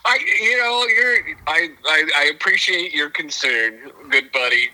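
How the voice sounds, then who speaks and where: Stammering man on a bright phone line. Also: fairly high pitch, animated, a little slow. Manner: hesitant, stammering, dry humor. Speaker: podcast co-host. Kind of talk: casual podcast chat. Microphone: calling in by telephone. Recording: tinny telephone line.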